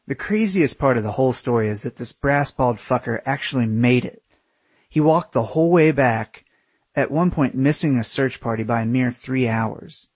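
Male narrator, husky and unpolished, swearing freely with sarcastic asides; dry, close sound. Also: medium pitch, normal speed, no echo. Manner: profane, sarcastic, conversational. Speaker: storyteller. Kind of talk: casual spoken storytelling.

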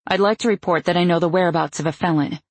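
A stern, protective mother, voiced by a woman narrator, brisk and firm in every word. The voice is low and husky. It sounds dry and close, with no room around it. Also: animated, no echo.

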